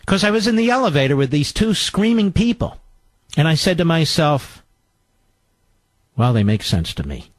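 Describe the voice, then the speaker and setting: A man's voice: on the high side, very animated, normal speed, pauses often, no echo. A man mocking a self-important male senator, talking in a pompous, self-congratulating way. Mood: smug.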